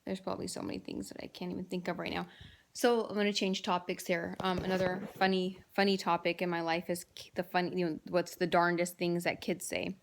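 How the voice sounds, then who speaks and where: A woman's voice: on the low side, little pitch movement, fairly quick, gravelly, a little hiss or hum. A woman in her thirties chatting casually to camera, telling amused family stories with lots of fillers and restarts. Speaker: vlogger telling home stories. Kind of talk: casual storytelling monologue.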